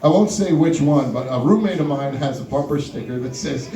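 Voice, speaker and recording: Young guy comic, high and lively, playful crowd banter; echoey room, off-mic, audience audible. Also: a little fast, far from the mic. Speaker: stand-up comedian. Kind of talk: stand-up comedy set. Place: live comedy venue with audience.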